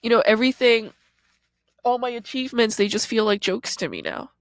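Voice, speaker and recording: A woman's voice: fairly high pitch, fairly quick, no echo. Blunt, profane woman podcaster. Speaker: podcast host and comedian. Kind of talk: confessional monologue.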